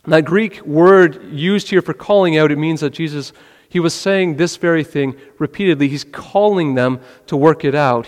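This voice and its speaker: A man preaching a sermon in an earnest way, asking questions and often dropping his voice low. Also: measured pace, long reverb tail. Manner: earnest, rhetorical questions, drops to a quiet voice. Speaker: pastor.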